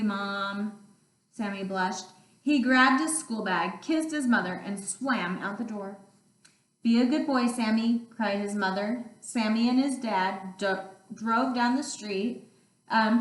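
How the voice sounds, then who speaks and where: A woman teacher reading picture books aloud, expressive and playful, with roars. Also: mid-range voice, measured pace. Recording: roomy sound, distant mic.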